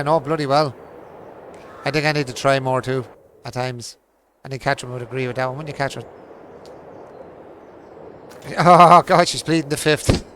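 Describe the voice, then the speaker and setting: A little hiss or hum sits under a livestream host's casual chat as he plays a farming game, ribbing his viewers with jokes, laughter and liberal swearing. He has a medium-pitched, gravelly voice that's a bit bright.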